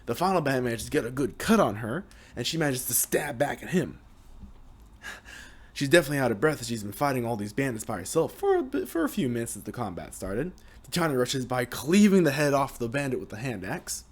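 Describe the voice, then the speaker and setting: A young man casually narrating the story of a video game, with restarts and a lively manner. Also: mid-range voice, a little fast. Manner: lively, hesitant retelling with restarts.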